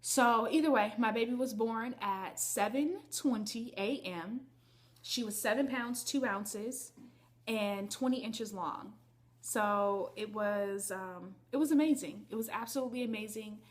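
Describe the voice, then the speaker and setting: A woman's voice: on the high side, measured pace. A woman vlogger telling a personal story to her viewers in a candid, chatty way. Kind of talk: casual storytelling to camera.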